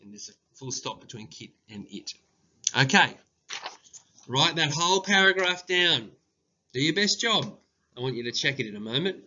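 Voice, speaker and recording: A man, a primary school teacher giving a slow, deliberate dictation lesson and calling out the punctuation. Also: mid-range voice, very animated, pushed and bright. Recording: dull lo-fi recording.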